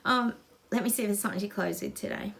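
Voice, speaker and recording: A woman's voice: mid-range voice, fast, gravelly, fairly bright tone, a little hiss or hum. A middle-aged Australian woman, a psychic host, talking to viewers in a gushing, emphatic way. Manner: gushing, emphatic, gets emotional. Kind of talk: casual psychic reading to viewers.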